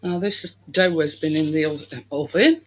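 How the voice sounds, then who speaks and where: A woman's voice: deep voice, moderate pace, a little hiss or hum, rough recording. A woman hosting a home baking video, chatting casually to viewers while she works and saying "me" for "my". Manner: uses dialect "me" for "my".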